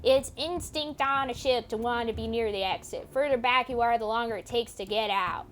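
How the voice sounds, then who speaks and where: A woman voicing a terse, cold female elf soldier who speaks slowly with an awkward put-on accent. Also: on the high side, a bit bright, soft background music, lightly acted. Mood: blunt.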